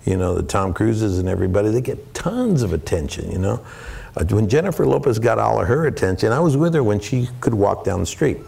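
A guest actor speaks candidly and earnestly about his work to a room of students, with a live audience present. His fairly low voice is gravelly, husky and a little mellow, very animated and a little fast, and he mixes in laughs and acted-out quotes.

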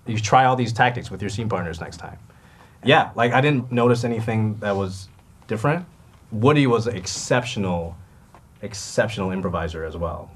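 A young adult man from Canada, an actor telling animated stories about his work and acting out the people in them. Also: fairly low pitch, moderate pace, husky. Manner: lively storyteller who acts out quoted voices and laughs often. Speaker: actor guest.

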